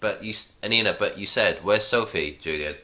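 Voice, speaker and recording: A man's voice: on the low side, fairly quick, sharp tone, voice pushed up. A man raising his voice to play an exasperated adult woman scolding over the phone.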